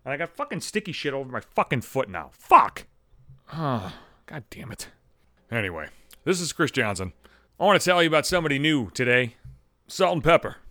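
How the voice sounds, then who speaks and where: A man's voice: mid-range voice, sing-song, quick pace, bright, forceful tone, no echo, clean studio sound. A young man delivering a profane comedic rant, exasperated and swearing constantly, recorded at home on a microphone. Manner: heavy swearing, exasperated ranting. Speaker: comedic monologue host. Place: home room. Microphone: studio microphone.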